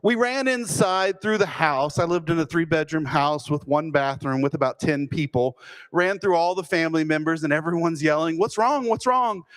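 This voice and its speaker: Guy telling a funny story about himself, bit high voice, dry comic timing. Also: moderate pace. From Fort Worth, Texas. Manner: self-deprecating, deadpan comic timing. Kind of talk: humorous personal storytelling.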